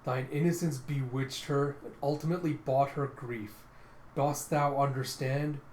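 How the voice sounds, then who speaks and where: A guy reading as a brooding vampire lord, slow, solemn, old-timey talk, echoey room, light hiss. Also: medium pitch, steady tone, a little mellow, close to an everyday voice. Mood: menacing. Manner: slow, grave, old-fashioned diction. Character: brooding male vampire lord, archaic speech. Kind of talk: dramatic comic readthrough.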